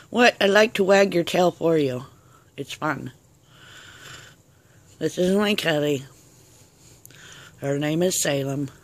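A woman filming her cat at home, talking to it in a playful, doting way. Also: sits low. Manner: playful, baby talk to a pet. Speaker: cat owner.

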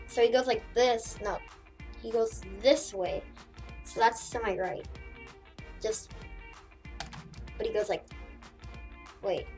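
A woman giving casual commentary over her own gameplay as a streamer, excitable and prone to shouting and squealing when she gets hyped. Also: fairly high pitch, takes it slowly, long pauses, faint music behind. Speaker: gaming streamer.

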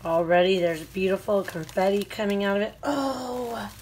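A woman's voice: mid-range voice, fairly even intonation, a little fast, darkish tone, a little hiss or hum. A woman vlogger unboxing a craft mail swap, gushing with constant delighted exclamations and talking straight to the sender. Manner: talks to the sender directly.

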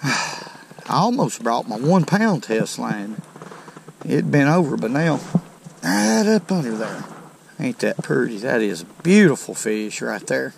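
By a creek, a man hosting a fishing video gives casual, folksy narration to viewers, exclaiming over every catch. His voice is mid-range and gravelly, with slight background noise.

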